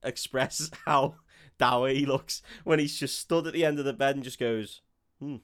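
A man's voice: mid-range voice, steady tone, normal speed, a bit bright, clear, resonant tone. A man co-hosting a podcast, casually recapping a horror film with lots of laughter and swearing, acting out the characters' lines. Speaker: podcast co-host.

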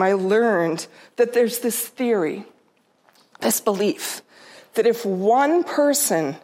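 A middle-aged woman telling a personal story to an audience, heartfelt and unhurried, sometimes dropping to a soft near-whisper. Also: mid-range voice. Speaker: storyteller speaker.

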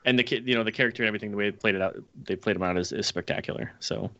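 A man co-hosting a casual gaming podcast, gushing and excited. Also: on the low side, very fast, highs cut off. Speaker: podcast co-host.

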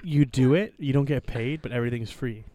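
A man's voice: medium pitch, brisk, dark tone. A young man co-hosting a podcast, joking around in crude, casual banter. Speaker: podcast co-host. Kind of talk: casual chat.

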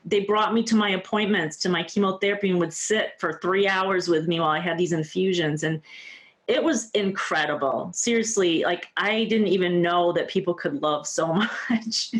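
Speaking at a normal speed in a voice on the low side, this woman in her fifties opens up about her life as an interview-show guest. Her storytelling is candid, sincere and warm, peppered with lots of "like" and "you know."

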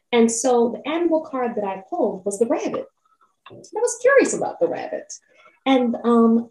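A woman's voice: fairly high pitch, mellow, recorded from a distance. Encouraging woman podcast host. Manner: encouraging, keeps asking "right?" and inviting listeners to lean in. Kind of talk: motivational self-help talk. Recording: roomy echo, off-mic.

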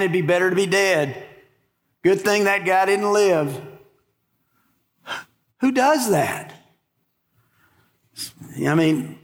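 A pastor preaching a sermon in a church, animated and full of rhetorical questions. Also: male voice, a little high, gravelly. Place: church sanctuary. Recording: long hall reverb.

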